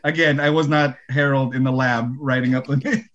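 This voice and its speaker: A man's voice: medium pitch, steady tone, normal speed, a bit bright, highs cut off, slight background noise. A man in casual chat who jokes around and makes fun of himself. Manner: self-deprecating, joking.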